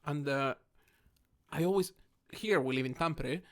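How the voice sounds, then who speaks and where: A man from Mexico, not an English speaker, talks in a slightly high voice. He speaks casually, with hesitant restarts, and keeps calling his friend "mate.". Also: measured pace, a bit bright. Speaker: podcast co-host. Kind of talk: casual chat over drinks.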